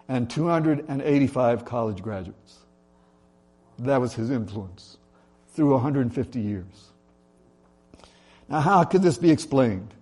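Mellow-voiced man preaching a sermon. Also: mid-range voice, expressive, unhurried, long pauses, husky. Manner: conversational preaching with fillers, rising on lists. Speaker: pastor.

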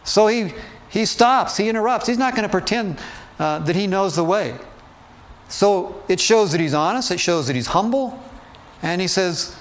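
A male preacher whose speaking voice sits a little higher than most men's. He talks through the sermon like a chat, with light humor and frequent questions put to his listeners. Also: animated, moderate pace. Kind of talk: conversational sermon.

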